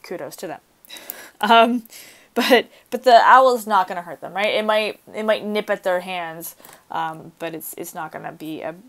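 A woman teacher reading a story aloud to her students and explaining it in a casual, chatty way, with expressive emphasis on the quoted passages. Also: on the low side, moderate pace. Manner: casual, chatty asides with fillers and light laughs.

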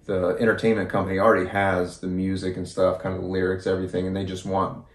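An easygoing man with a low voice chimes in on a video reaction and nods along to his co-host. His voice carries a noticeable room echo. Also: monotone, fast talker. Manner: agreeable, easygoing, says "man" and "dude". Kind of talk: casual reaction chat. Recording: echoey room.

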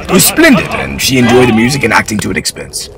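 A man doing a formal gentleman sailor. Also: mid-range voice, wildly swooping pitch, fast, over music. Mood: courteous. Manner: polite, formal. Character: proud middle-aged gentleman sailor and father.

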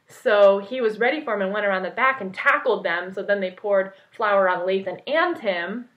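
A young woman vlogging, telling a story in an excited, rambling way full of "like". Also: medium pitch, normal speed. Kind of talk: casual storytelling vlog. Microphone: point-and-shoot camera mic. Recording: dull lo-fi camera audio.

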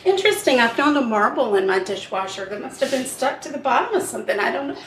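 A woman's voice: on the high side, very animated, quick pace, a bit bright. A woman co-hosting a podcast, baking in her home kitchen and chatting in a rambling way with fillers. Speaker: podcast co-host baking on the show. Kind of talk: casual cooking chat. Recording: echoey kitchen with faint noise.

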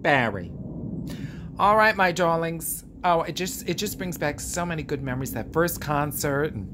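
A man's voice: fairly high pitch, noisy background. Theatrical man gushing in a camp vlog. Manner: theatrical, gushing, camp storytelling with drawn-out words. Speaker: vlog host. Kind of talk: casual chat monologue.

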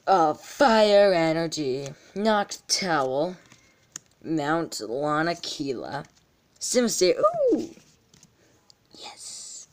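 Excitable young woman opening card packs. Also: sits low. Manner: gasping, squealing exclamations. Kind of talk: excited unboxing vlog.

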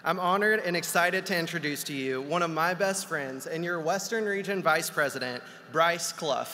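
A man with a bright, slightly high voice gives an admiring introduction from a stage. His voice carries a long reverb off the walls of a huge hall. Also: normal speed. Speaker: speaker introducing the next speaker. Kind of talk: formal introduction. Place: large convention arena.

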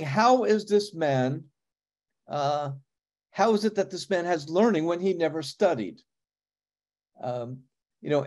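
A middle-aged pastor with a New York accent teaches a sermon in a loose, chatty manner. His voice sits a bit high for a man but sounds mellow and warm. He stops on fillers and asks the congregation questions as he goes.

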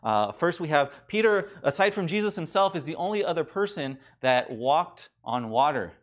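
A man preaching a sermon as pastor, in a conversational, animated way with many restarts and fillers. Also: on the high side, normal speed. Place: church.

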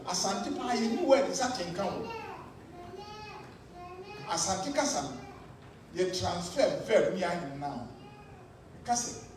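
A Ghanaian man preaching a sermon as pastor, animated and switching between English and Twi, recorded from far off in an echoey church. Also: sits high, slight background noise. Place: church hall.

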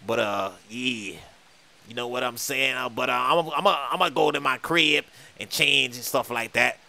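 A man doing casual game role-play, talking loudly and excitably, stammering and pleading. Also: medium pitch, moderate pace, gravelly, rough recording.

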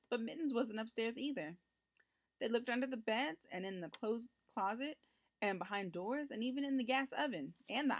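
A woman reading a children's picture book aloud, narrating gently and lifting her voice for the characters' lines. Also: a little high. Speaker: storybook reader.

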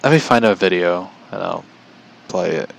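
A man's voice: deep voice, lively intonation, normal speed, creaky, a little hiss or hum, rough recording. A man chatting casually on his vlog, rambling with frequent chuckles. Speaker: vlogger. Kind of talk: casual chat.

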